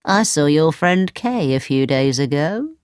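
A woman's voice: low voice, lively intonation, unhurried, darkish tone, clear, resonant tone, no room sound, clean studio sound, voice pushed down. A woman reading a storybook aloud, voicing a helpful talking pigeon that tells what it saw. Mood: informative.

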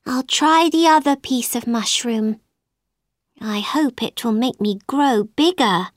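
A woman doing Alice, a bright earnest girl. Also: on the high side, slow pace, dry recording, clean studio sound. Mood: puzzled. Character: young girl, polite but easily annoyed. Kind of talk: storybook reading.

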